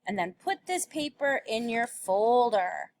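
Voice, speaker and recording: A woman's voice: fairly high pitch, big pitch swings, unhurried, darkish tone, dry recording. A woman teacher giving a recorded phonics lesson to young children, patiently sounding out letters and words.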